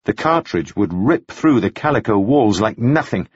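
A man narrating a novel in measured, expressive storytelling. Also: fairly low pitch, breathy edge, no room sound, lo-fi sound. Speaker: audiobook narrator. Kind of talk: scripted narration.

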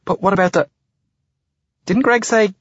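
A man's voice: sits high, normal speed, fairly bright tone, breathy edge, dry recording, muffled recording, pitched above the performer's own voice. A man voicing a nervous, timid male teacher who stammers and hurries his words. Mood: flustered.

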